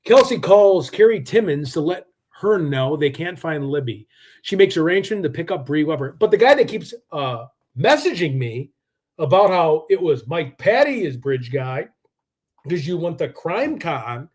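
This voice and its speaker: A man hosting a live true-crime stream in a rambling, combative way. His voice sits a little higher than most men's. He fills his talk with "like" and restarts. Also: lively intonation, normal speed, a little mellow. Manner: rambling, combative, heavy use of "like".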